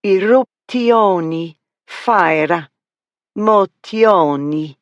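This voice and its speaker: A narrator voicing a lively young lady who puts on exaggerated mock Italian and French accents, rolling her R's and stretching words. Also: medium pitch, extremely slow, no room sound, muffled recording, voice pushed up. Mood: playful. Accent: mock Italian, then mock French. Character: lively young lady mimicking foreign tourist guides.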